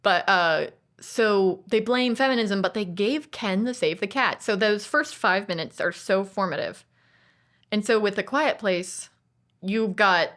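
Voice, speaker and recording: Chatty woman podcaster, mid-pitched. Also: a bit bright. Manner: chatty and digressive, acts out other people's lines. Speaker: podcast co-host. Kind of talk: casual chat about movies.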